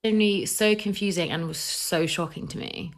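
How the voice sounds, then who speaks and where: A woman's voice: on the low side, moderate pace. A young woman with a British accent, telling a personal story in a chatty vlog. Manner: chatty storytelling with acted-out quotes.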